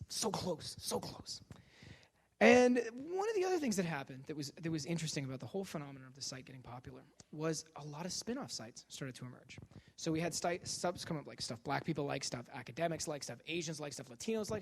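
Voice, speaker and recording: A man giving a comedic university lecture about his own work, animated and jokey, acting out the voices he quotes. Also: a little high, slight background noise. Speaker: guest lecturer and author.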